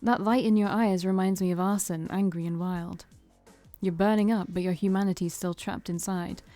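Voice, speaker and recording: A woman voicing a smug, theatrical male vampire who talks slow and knowing, like a preacher, while reading a visual novel aloud. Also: mid-range voice, fairly even intonation, mellow, dry recording, faint music behind, natural voice.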